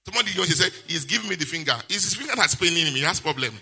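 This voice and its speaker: A male pastor, preaching a sermon with lively call-and-response questions. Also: a little high, racing, breathy edge.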